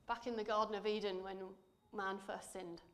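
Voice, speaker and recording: A woman preaching in church, reading scripture and speaking in a measured, earnest way that drops softly for emphasis. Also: mid-range voice, fairly even intonation.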